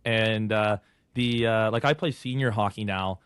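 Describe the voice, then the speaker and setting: A man's voice: on the low side, unhurried, fairly bright tone, clean tone, dry recording. A male podcast host asking long, rambling questions full of fillers in a casual interview.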